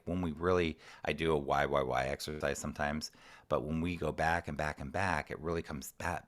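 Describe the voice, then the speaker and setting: A man's voice: extremely low pitch, fairly bright tone. A man, a guest coach, talking casually and thoughtfully about handling kids' emotional triggers, often restarting his sentences. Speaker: ADHD coach, podcast guest. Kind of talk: casual advice talk.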